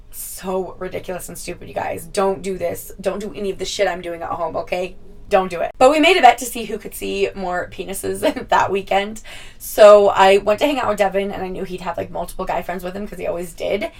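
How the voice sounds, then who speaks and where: Chatty, swearing young woman, gravelly and low. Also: distant mic, poor audio. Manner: chatty, swears freely, laughs a lot. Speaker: vlogger. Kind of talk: casual storytime.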